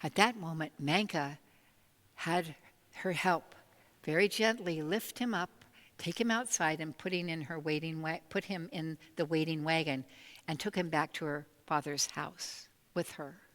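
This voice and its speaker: A woman minister tells a story during a sermon, her delivery lively and expressive. Her voice sits somewhat low for a woman, and a long reverb carries it through a large church sanctuary. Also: unhurried.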